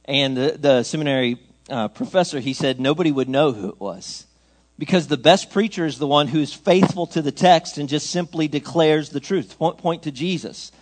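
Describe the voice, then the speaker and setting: A man preaching a sermon in an earnest, conversational way, asking his listeners questions and swinging between loud, emphatic lines and soft ones. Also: on the high side, normal speed.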